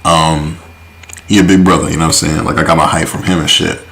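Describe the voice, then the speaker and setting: Deep-voiced laid-back man. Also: flat delivery, fast talker, gravelly, a bit bright, low-quality recording. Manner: laid-back slang, many fillers, chuckling. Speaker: podcast co-host. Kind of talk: casual storytelling chat.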